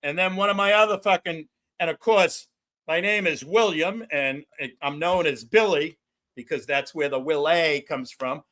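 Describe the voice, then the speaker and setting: Loud, excitable middle-aged man. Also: fairly high pitch, normal speed. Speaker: livestream host. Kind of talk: rambling casual chat. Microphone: no headphones.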